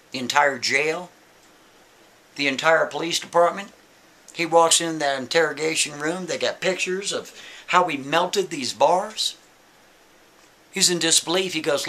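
A man telling a story to his audience in a casual, chatty way. His voice is bright and forceful, and his pitch swings widely as he adds animated asides.

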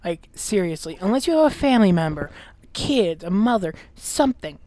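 Playing a game on camera, this woman delivers profane, exasperated commentary full of mocking impressions, and she's gassy and clears her throat along the way. Her voice is lowish and mellow with lively intonation, fairly quick, recorded dry.

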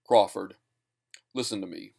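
Stern irritable male scientist, curt, acid, lecturing tone, slightly lower voice, read by a man. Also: normal speed, lightly acted.

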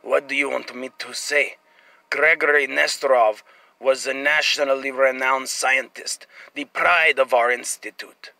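A man reading the lines of a weary old male virology director from a game, in a plain unhurried voice. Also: medium pitch, fairly even intonation, vocal fry, sharp tone, dry recording. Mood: measured. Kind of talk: reading game dialogue aloud.

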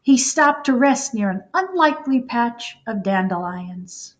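A woman reading a children's storybook aloud in an expressive, unhurried way. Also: on the high side. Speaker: storybook reader.

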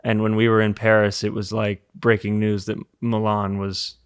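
A man's voice: on the low side, little pitch movement, normal speed, clean tone. A man in his thirties chatting casually as a guest, laid-back with short, understated replies. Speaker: guest, musician and son of the host. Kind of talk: casual chat.

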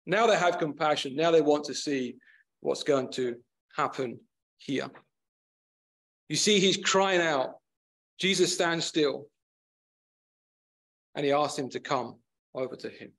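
A man's voice: on the high side, slow pace, long pauses, a bit bright. A man preaching a sermon in an earnest, emphatic way, often repeating and building up his phrases.

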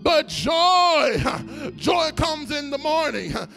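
A man a sermon in a chanting, sing-song that builds to shouts. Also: very high voice, very animated, takes it slowly, gravelly. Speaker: pastor. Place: church sanctuary. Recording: church sanctuary reverb with organ.

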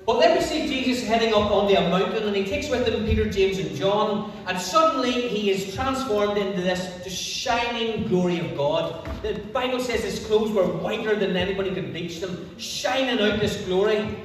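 Preacher in an echoey church. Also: male voice, high voice, slight background noise. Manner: animated storytelling, drawn-out emphatic phrases. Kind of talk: children's holiday club sermon. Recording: echoey church hall from far off.

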